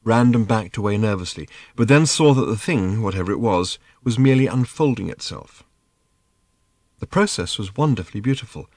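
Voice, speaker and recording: A man narrating an audiobook in measured, lively storytelling. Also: on the low side, no room sound, studio quality. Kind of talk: scripted narration.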